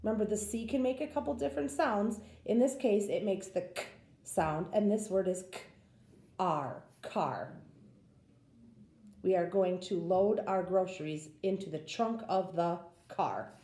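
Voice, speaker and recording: A woman's voice: mid-range voice, moderate pace, mellow, echoey room. A woman teaching a phonics lesson, patiently sounding out words for young learners.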